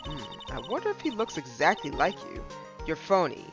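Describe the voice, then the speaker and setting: A man's voice: on the high side, wildly swooping pitch, moderate pace. A man voicing a playful, teasing teenage girl assistant from a legal game. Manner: teasing, bubbly. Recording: dull lo-fi stream mic. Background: game music.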